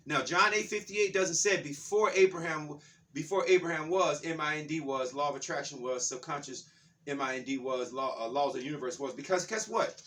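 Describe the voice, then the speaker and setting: A man's voice: fairly high pitch, a bit bright, distant mic. A man giving a spiritual talk in a fired-up, preacher-like way, repeating his phrases. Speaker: spiritual speaker.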